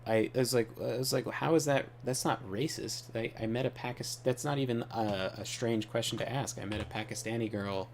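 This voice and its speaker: Gravelly-voiced man rambling while gaming. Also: medium pitch, fairly even intonation, fairly quick, hardly any pauses, a little hiss or hum. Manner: rambling, offhand storytelling while playing. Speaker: gaming channel host. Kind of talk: casual gaming commentary.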